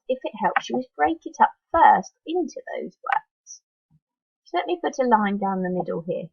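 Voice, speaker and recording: A woman teacher leading a phonics lesson for young children, slowly sounding out letters one at a time and encouraging them to join in. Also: medium pitch, gravelly, husky, no room sound, muffled recording. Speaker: primary school teacher.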